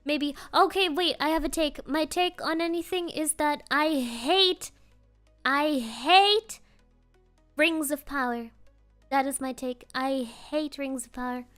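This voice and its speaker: A woman streamer rambles playfully to her chat in a high, bright voice. She takes her time, drawing out her thoughts and laughing easily. Faint music plays underneath. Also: slow pace.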